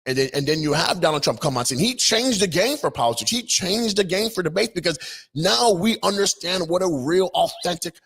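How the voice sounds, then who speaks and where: A man's voice: high voice, expressive, brisk, gravelly, a bit bright, breathy edge. A man hosting an opinion vlog, talking in an indignant, mocking, rambling way. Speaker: political commentator host.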